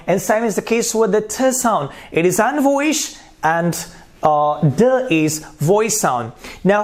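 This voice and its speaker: A man teaching pronunciation, repeating terms and sounding out consonants one by one. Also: high-pitched. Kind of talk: slow spoken lesson.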